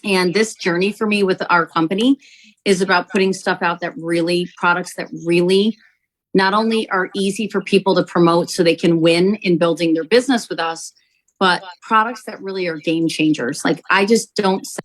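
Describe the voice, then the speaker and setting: A woman, a company founder, telling an animated testimonial story to sell her product, acting out quotes as she goes. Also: on the low side, normal speed, rough recording. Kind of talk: testimonial sales pitch.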